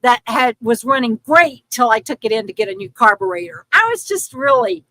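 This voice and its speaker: A woman's voice: on the high side, very animated, fairly quick, pushed and bright, no echo, rough recording. An older woman hosting a casual livestream, rambling in frustration with many restarts and fillers. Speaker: YouTube channel host.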